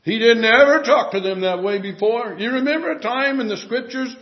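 A man with a high voice preaches a sermon with emphatic delivery, often sinking to a hush. The recording sounds dull and lo-fi. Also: a little fast. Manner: emphatic preaching that drops to hushed tones.

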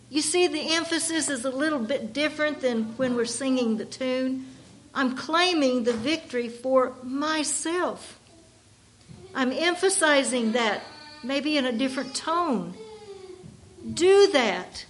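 A woman delivers a sermon in a high voice, taking her time. She leans hard on each phrase, stretching words out as she reads, and often restarts her sentences. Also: expressive. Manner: slow, emphatic reading with drawn-out words. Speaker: preacher.

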